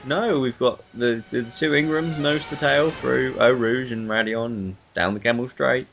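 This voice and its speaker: A young man commentating a racing game in a lively, chatty way, often stumbling over driver names. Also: medium pitch, normal speed, creaky. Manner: animated, self-deprecating, stumbles over names. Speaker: race commentator.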